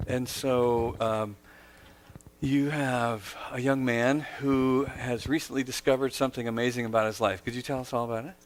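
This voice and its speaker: A male host who talks in a relaxed, conversational way. He jokes and laughs with his guest, and he retells her story back to her in his own words. His voice has a medium pitch. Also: normal speed. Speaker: host, interviewer. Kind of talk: conversational interview.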